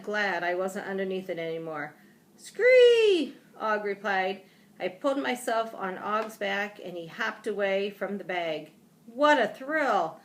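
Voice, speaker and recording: Woman reading aloud a children's chapter book; measured, slow delivery with expressive exclamations. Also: mid-range voice. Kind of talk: storybook read-aloud.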